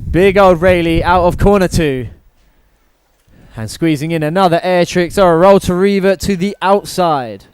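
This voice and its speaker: An event commentator calls an outdoor cable wakeboard contest with upbeat live play-by-play, naming the tricks as they happen. His high-pitched voice is clear and resonant at a normal speed, with no echo, though the recording is rough.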